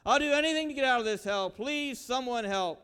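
A preacher voicing a panicked damned man, high and pleading. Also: brisk, sharp tone, smooth. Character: desperate damned man begging for help. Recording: reverberant hall.

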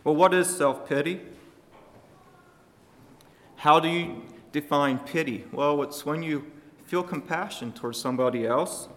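A man preaching a sermon to his congregation, speaking emphatically and shifting his loudness for emphasis. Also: fairly high pitch, measured pace, pauses often, big-room sound.

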